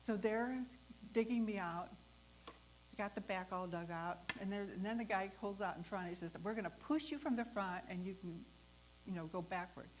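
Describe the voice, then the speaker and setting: A woman hosting a talk, telling a personal story in a lively way, acting out the voices of the people in it and laughing often. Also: mid-range voice, moderate pace, noisy background. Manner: animated, acts out the voices in her story. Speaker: host.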